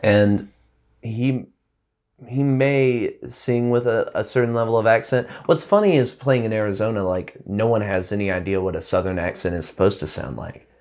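Man, lowish voice, musician guest, relaxed chat, rambling, lots of restarts and fillers. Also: moderate pace. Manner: loose and rambling, full of "like" and restarts. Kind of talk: casual interview chat.

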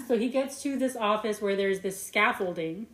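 A woman co-hosting a podcast, retelling a movie in casual, profane chat full of tangents and quick mock voices. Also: medium pitch, echoey room, a little hiss or hum. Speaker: podcast co-host.

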